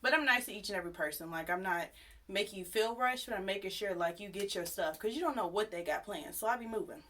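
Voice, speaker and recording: A woman's voice: mid-range voice, fast talker. Sassy, chatty young woman telling a story. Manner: chatty, animated, sassy retelling with acted quotes. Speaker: YouTube storyteller. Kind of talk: casual storytime vlog.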